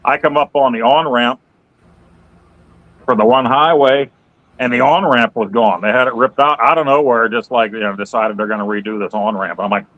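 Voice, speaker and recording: A man's voice: mid-range voice, steady tone, moderate pace. A laid-back man from the Pittsburgh area co-hosting a casual livestream, joking along. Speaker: livestream co-host. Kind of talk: casual chat. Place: hot room with a fan blowing. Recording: dull lo-fi mic.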